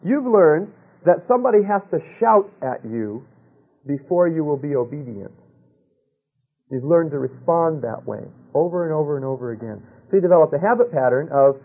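A man preaching a sermon, telling a personal story with rhetorical questions and dropping to a hush for quoted voices. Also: fairly high pitch, lively intonation, moderate pace, breathy edge, narrow, tinny audio.

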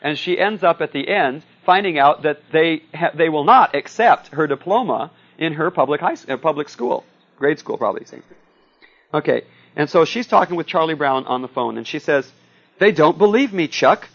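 A man's voice: a little high, lively intonation, moderate pace, a bit bright, lo-fi sound. A man giving a classroom lecture in a conversational way, often checking in with "okay?" and "see?".

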